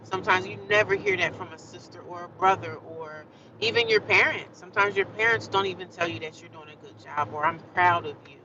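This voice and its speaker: A woman's voice: on the low side, a little fast, a crowd in the background. A woman chatting on a livestream, encouraging and preachy, talking straight to her viewers. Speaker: livestreamer sharing her life. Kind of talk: casual motivational livestream chat. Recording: distant, dull mic with loud traffic noise.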